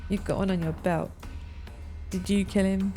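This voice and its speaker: A woman's voice: medium pitch, fairly even intonation, normal speed, dark tone, soft background music, natural voice. A woman reading as a prickly, defensive older woman contestant in a murder mystery game, speaking curtly and with indignation. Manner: curt, indignant.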